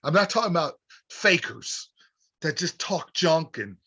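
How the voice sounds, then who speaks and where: A man's voice: a little high, lively intonation, measured pace, sharp tone, breathy edge, lo-fi sound. A man hosting a sports radio show, delivering an emphatic opinion monologue with repeated rallying phrases.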